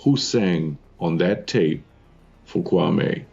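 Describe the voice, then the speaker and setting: A man's voice: sits low, lively intonation, vocal fry, mellow, husky, highs cut off. Brash man riffing on a podcast. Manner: brash, crude, quick comic riffing. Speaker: podcast co-host. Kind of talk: casual chat.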